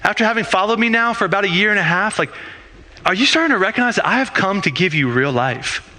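An easygoing Jesus, put on by a man, calls out in a raised, ringing, high voice. He sounds informal and eager, with quick, repeated hails. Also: animated, sharp tone. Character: casual friendly Jesus calling out to followers.

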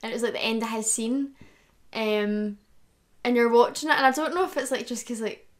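A woman's voice: on the high side, fairly even intonation, fairly quick. Giggly young woman in casual chat. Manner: giggly, chatty. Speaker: guest, actor.

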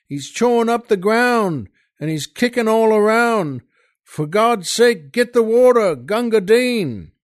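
A man voicing shouting British soldiers who impatiently call for their water carrier in a recited poem. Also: mid-range voice, expressive, slow, hardly any pauses, pitched below the performer's own voice. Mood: bellowing. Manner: bellowing, impatient calls.

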